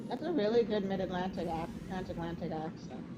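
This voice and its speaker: A woman playing along in a game stream, chatting quickly and planning her moves aloud. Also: on the low side, very noisy. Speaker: co-player. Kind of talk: casual gameplay chat.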